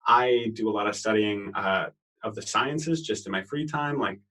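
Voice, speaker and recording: A man talking as an interview guest in an easygoing, relaxed way, with hesitant fillers. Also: lowish voice, normal speed, recorded from a distance, poor audio. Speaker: guest, home cook. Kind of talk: casual interview chat.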